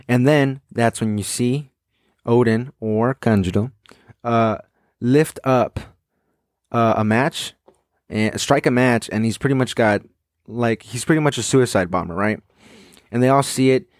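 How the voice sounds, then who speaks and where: A man's voice: mid-range voice, normal speed, dry recording, clean studio sound. A young man hosting a podcast, reading a comic aloud and chatting casually about it with fillers and crude asides. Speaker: podcast host.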